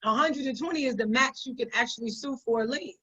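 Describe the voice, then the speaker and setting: A woman's voice: sits high, fast, a bit bright, husky. A woman business owner giving conversational business advice in an emphatic way, often repeating her points for stress. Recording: dull lo-fi sound.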